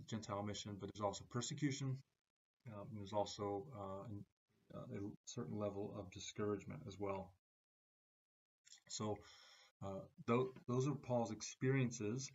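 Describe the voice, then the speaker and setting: Gravelly, flat-voiced man lecturing haltingly. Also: on the low side, dull audio. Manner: halting, many "uh" fillers between phrases. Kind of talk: recorded class lecture.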